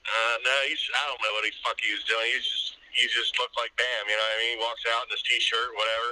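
A man's voice: medium pitch, little pitch movement, fast talker, sharp tone, slight background noise, rough recording. A man in casual chat, telling a rambling, profane story and acting out what others said. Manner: rambling, profane, acts out quoted voices.

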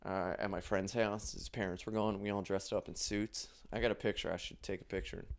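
A young man, a comedian, telling stories in a loose, profane monologue, laughing often and swinging his pitch widely. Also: steady tone, brisk. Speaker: comedian podcast host. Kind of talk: casual storytelling monologue.

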